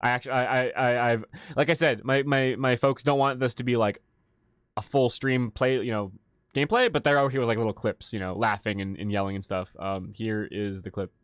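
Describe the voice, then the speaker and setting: A man's voice: medium pitch, a little fast, smooth, dry recording, clean studio sound. A man hosting a casual livestream as a game master, rambling and swearing with many restarts. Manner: rambling, profane, frequent restarts.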